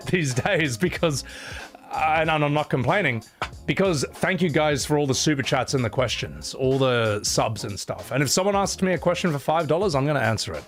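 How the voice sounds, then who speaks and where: A male streamer at an average pitch chats loosely with his audience and reads out donations. He slides into profane, opinionated rants about films and games. Faint music plays behind him. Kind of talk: livestream chat reading donations.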